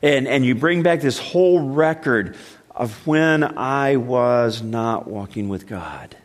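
A male pastor preaching a sermon, with emphatic delivery and many repeated starts, dropping low and slow to stress a point. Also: lively intonation. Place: church sanctuary. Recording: long reverb of a large hall.

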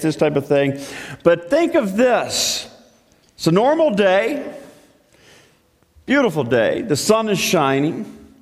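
A man preaches a sermon with an unhurried, drawn-out delivery. His pitch sits a little high and swings widely as he tells the story. A long reverb trails behind him, as in a hall. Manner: animated storytelling with repeated restarts.

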